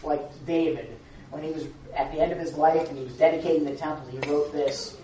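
A preacher and Bible teacher gives an informal sermon in a fairly high, mellow voice, speaking briskly with fairly even intonation. He tells stories dramatically and checks in conversationally with listeners, and the recording is echoey, distant and dull, with slight background noise.

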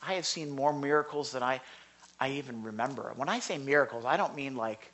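A man teaching from the Bible in a conversational sermon, earnest, swinging from loud rhetorical questions to hushed asides. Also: medium pitch, moderate pace.

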